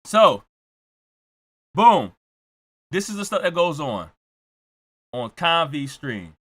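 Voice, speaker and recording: Guy yelling jokes on a reaction stream, high voice, goes all over the place. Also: very animated, takes it slowly, slight background noise. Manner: loud, ranting, often shouting punchlines; repeats jokes for effect. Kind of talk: comedic reaction commentary.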